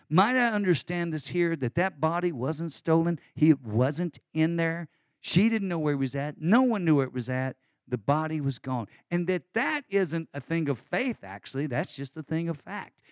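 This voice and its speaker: A middle-aged male pastor preaching an Easter sermon in a lively, conversational way with folksy asides. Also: fairly high pitch, dry recording, studio quality.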